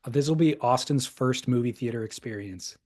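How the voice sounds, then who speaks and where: A man's voice: medium pitch, fairly quick, a little mellow. Man, mid-range voice, casual podcast chat, easygoing, wry, long asides. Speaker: podcast co-host.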